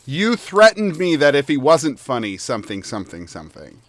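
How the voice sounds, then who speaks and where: A man's voice: medium pitch, wildly swooping pitch, moderate pace, a bit bright. A man running a tabletop role-playing game who chats, laughs easily and muses aloud about his character voices. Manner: self-deprecating, laughs easily, thinks aloud. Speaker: game master. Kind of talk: tabletop role-play narration and table chat.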